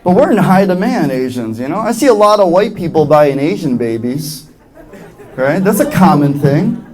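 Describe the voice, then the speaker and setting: A young man from New York doing a stand-up comedy routine on a club stage, acting out other people's voices as he tells his jokes. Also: a little high. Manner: animated, acts out voices of others. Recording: live club with audience laughter. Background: audience laughing.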